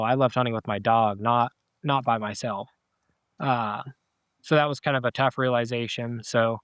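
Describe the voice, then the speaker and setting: A man's voice: mid-range voice, a bit bright, clean tone, no room sound. A middle-aged man, a podcast guest, telling a personal story in a casual, rambling way with many fillers and restarts. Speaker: podcast guest, dog owner.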